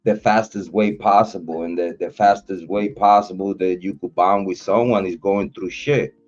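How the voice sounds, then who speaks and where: A man hosting a livestream, chatting loosely with his viewers in a slangy, repetitive style and giving shout-outs. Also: sits low, steady tone, normal speed. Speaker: livestream host. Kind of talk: casual livestream chat. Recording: dull lo-fi audio, faint music.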